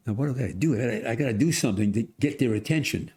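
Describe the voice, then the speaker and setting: A man of a hundred, a podcast guest, telling a story in casual conversation, animated, acting out voices and restarting often. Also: medium pitch, racing. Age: 100s.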